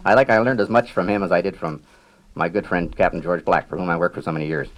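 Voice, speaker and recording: An older man, a riverboat captain, reminiscing in a measured storytelling manner with dry humor and frequent throat clearing. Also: low-pitched, poor audio. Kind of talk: reminiscing public talk.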